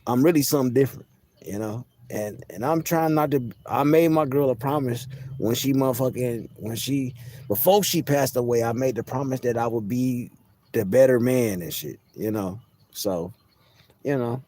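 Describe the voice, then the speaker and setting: A man's voice: medium pitch, normal speed, warm tone. A man vlogging a casual, profane, boastful rant to his viewers from outdoors in public. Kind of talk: casual ranting monologue to camera.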